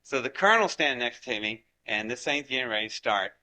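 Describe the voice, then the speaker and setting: A man in his seventies from Ohio telling anecdotes in a lively way and acting out the dialogue. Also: mid-range voice, fast. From Ohio, United States. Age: 70s. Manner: acts out dialogue with lively voices. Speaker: guest storyteller. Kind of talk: animated anecdotal storytelling.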